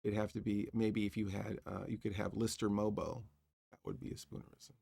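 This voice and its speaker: A man's voice: fairly low pitch, level tone, fairly quick, creaky, dark tone, husky, no echo. A man hosting a horror movie livestream, chatting casually and hunting for words. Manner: rambling, searching for words. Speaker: horror movie show host.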